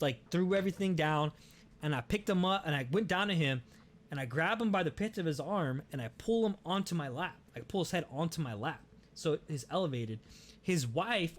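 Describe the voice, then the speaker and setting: Animated, swearing young man telling a story. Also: fairly high pitch. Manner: animated, profane, many restarts. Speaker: podcast host. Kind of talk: casual storytelling.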